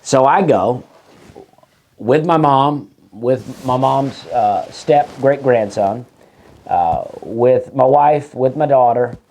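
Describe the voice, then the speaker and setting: Man, stand-up comedian, meandering storytelling, lots of um and uh, mid-pitched voice. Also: expressive, slow pace, creaky, darkish tone, a little hiss or hum. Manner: meandering, loses his train of thought, frequent fillers. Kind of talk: rambling comic storytelling.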